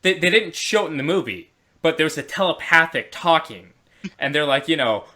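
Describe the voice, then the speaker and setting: A man's voice: on the high side, lively intonation, brisk, sharp tone. A man co-hosting a podcast, mostly agreeing in short replies and sometimes voicing exasperation about a film. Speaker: podcast co-host. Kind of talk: casual chat.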